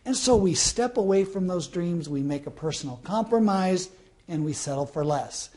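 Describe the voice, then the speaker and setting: A man's voice: high voice, animated, normal speed, dark tone. A man in his fifties from Southern California, giving a motivational self-help talk and telling a personal story, with rhetorical questions to the listener. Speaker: motivational speaker.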